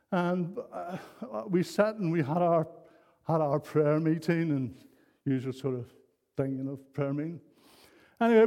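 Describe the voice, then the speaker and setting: A man's voice: high voice, dark tone. An older man preaching a sermon, telling a personal story in an earnest, rambling way with many restarts. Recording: long hall reverb.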